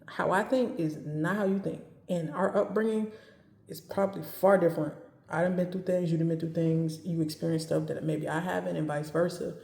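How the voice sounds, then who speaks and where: A woman giving dating advice in a casual talk to camera, speaking calmly and evenly and driving her points home by repeating them. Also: fairly low pitch, fairly quick, creaky, roomy sound. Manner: calm, even, straight-talking with emphatic repetition.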